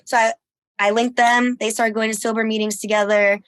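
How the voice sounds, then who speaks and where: A woman guest, a musician, telling a story in a casual podcast chat, laughing often and acting out what people said. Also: brisk. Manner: animated, laughs often, acts out quotes in a higher voice.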